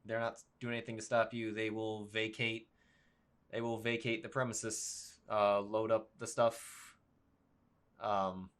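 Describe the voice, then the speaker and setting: Give me a slow-talking man narrating a tabletop game, full of pauses and ums. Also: fairly low pitch, little pitch movement. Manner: halting, full of fillers. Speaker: game master.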